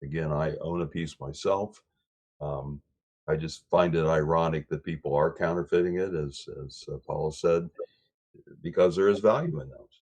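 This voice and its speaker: A man's voice: extremely low pitch, steady tone, normal speed, darkish tone. A man talking on a livestream coin panel over a video call, often restarting and repeating words as he thinks. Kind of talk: casual livestream discussion.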